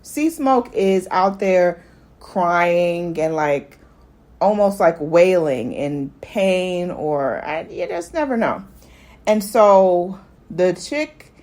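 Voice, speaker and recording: A chatty woman talks through a TV episode the way she would with a friend, her voice sitting a bit low for a woman. Her talk is loose and lively, full of fillers, and she keeps breaking into quick acted lines from the scenes. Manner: chatty and animated, jumps into quick acted quotes of characters. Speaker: podcast host. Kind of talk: casual TV recap chat.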